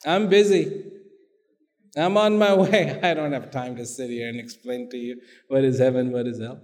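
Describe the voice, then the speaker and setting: A man voicing a calm, unhurried old wise man, speaking plain and matter-of-fact, inside a sermon story in a hall with long reverb. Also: mid-range voice, close to an everyday voice.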